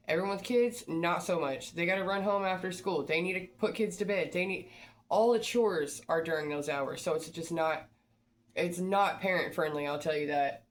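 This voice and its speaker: A woman hosting a motivational advice talk, coaching listeners in a direct, repetitive pep-talk manner. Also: on the low side. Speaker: job-search advice host.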